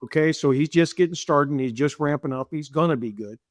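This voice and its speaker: Middle-aged man, business owner on an interview, a bit high-pitched, dry close sound, lively storyteller who acts out quotes. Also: brisk, no room sound. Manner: animated, acts out quoted dialogue, repeats himself.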